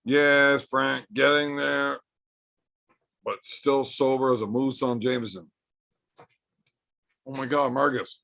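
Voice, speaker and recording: A man's voice: mid-range voice, little pitch movement, slow pace, creaky, pauses often, bright, forceful tone. A man hosting a casual livestream from home, bantering with chat in a joking, profane way. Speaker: livestream host.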